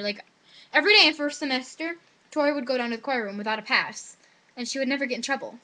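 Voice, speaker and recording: A high school girl talks fast and high-pitched into her webcam microphone, chatting about her school day. She says "like" constantly and quotes other people in animated acted-out voices.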